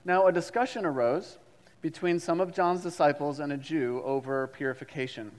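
A man's voice: on the high side, normal speed, long reverb tail. A man preaching a sermon as a pastor, reading scripture and leading the congregation in call-and-response with repetition.

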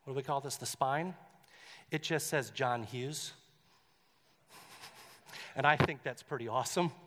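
A man's voice: mid-range voice, measured pace, a bit bright, in a large hall. A male pastor preaching in a conversational way, with joking asides and a story read aloud.

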